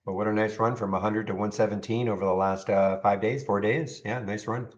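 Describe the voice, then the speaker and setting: A man's voice: lowish voice, fairly even intonation, a little fast, highs cut off. A man hosting a live trading room, chatting casually over charts and answering viewers, often repeating words as he talks. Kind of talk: live stream commentary on charts.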